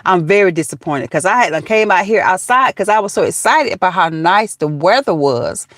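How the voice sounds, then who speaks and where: A woman's voice: on the low side, expressive, fairly quick, no echo. A folksy woman with a Southern US accent chats casually with her live stream viewers, sprinkling in "baby" and "honey." She is from Georgia and talks from outdoors. Her voice sounds dry, close and plain.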